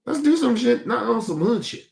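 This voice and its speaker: An extremely high-pitched, very animated voice with vocal fry and a darkish tone belongs to a young stream host speaking at a moderate pace. He rants to his audience about his family, heated, profane, and repetitive.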